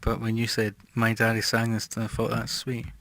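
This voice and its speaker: A man chatting casually as a music streamer, reading out viewer comments and trailing off quietly. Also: lowish voice, monotone, normal speed, vocal fry, no echo.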